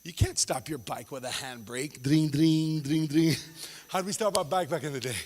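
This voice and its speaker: A man doing a stand-up comedy set, animated and laughing as he acts out voices. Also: mid-range voice, brisk, long reverb tail.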